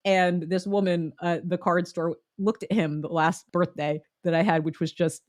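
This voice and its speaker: A woman's voice: on the low side, fairly even intonation, moderate pace, no room sound, studio quality. A young woman hosting a solo motivational podcast, upbeat and chatty, encouraging her listeners and often breaking into laughs. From United States. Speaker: podcast host.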